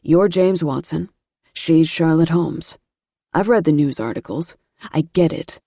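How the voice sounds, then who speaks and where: A pushy young man in an audiobook, blunt and sure of himself, voiced by a woman narrator. The voice sits low and dark, in a dry, close recording. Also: unhurried, no echo. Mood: insistent.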